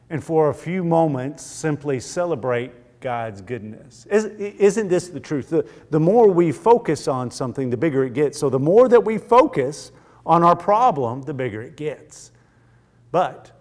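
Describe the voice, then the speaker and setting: Male Bible teacher, slightly high voice, slow and deliberate, earnest, long hall reverb. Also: expressive. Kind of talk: church Bible class teaching.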